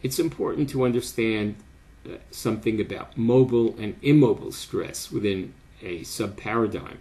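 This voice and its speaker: An older man giving a measured, formal academic lecture as the lecturer. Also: fairly low pitch, warm tone. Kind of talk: academic lecture read from script.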